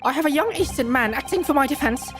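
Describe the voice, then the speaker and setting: Brief: a shaken, remorseful game prisoner in a high, lively voice, as a woman puts it on. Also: fast talker, music in the background. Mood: anxious. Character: anxious remorseful prisoner greeting an old friend.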